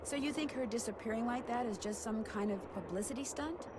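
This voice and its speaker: A woman's voice: on the high side, fairly quick, heavy background noise, lightly acted. Nancy Drew, a woman voicing a young sleuth. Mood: polite. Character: young woman amateur detective. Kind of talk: video game character acting.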